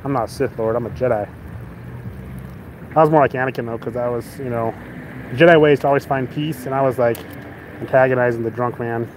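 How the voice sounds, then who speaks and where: A man's voice: mid-range voice, fairly quick, long pauses, a little hiss or hum, poor audio. A man casually telling a story, acting out the voices of the people in it, often laughing. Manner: animated, acts out both sides with shouted quotes. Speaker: vlogger.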